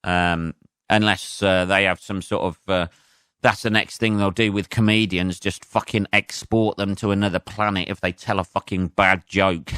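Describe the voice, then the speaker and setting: A man hosting a solo podcast as a comedian, rambling and excitable with plenty of swearing. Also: low-pitched, moderate pace, clear, resonant tone, no room sound, studio quality. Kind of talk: casual solo podcast rant.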